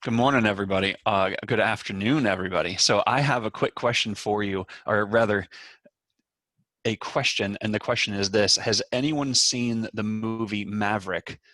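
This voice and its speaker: A man who is a financial planner, giving an energetic storytelling presentation on a video call. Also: fairly low pitch, moderate pace, no echo. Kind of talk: webinar presentation.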